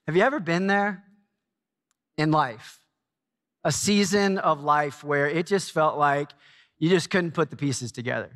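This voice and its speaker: A man in his forties preaching a sermon in a church, telling a self-mocking story with lively energy. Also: on the high side, measured pace, pauses often. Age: 40s. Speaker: pastor. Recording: long hall reverb.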